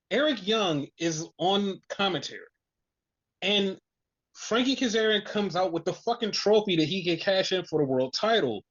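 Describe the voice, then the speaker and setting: A podcast host recapping wrestling in casual chat, telling it in an excited, profane way with lots of "like" fillers. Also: mid-range voice. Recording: dull lo-fi recording.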